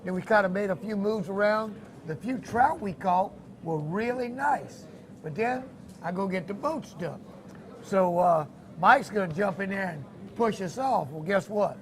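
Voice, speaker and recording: A man tells a fishing story in a relaxed, homespun way. His voice sits high for a man. Faint noise hums behind him. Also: unhurried. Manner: folksy, storytelling, laughs easily. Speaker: fishing show co-host. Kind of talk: casual chat about a fishing trip.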